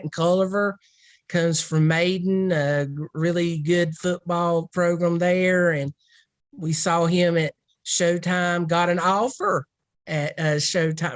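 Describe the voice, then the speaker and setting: A woman's voice: fairly low pitch, no echo. Woman recruiting analyst, dry close sound. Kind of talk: casual podcast discussion.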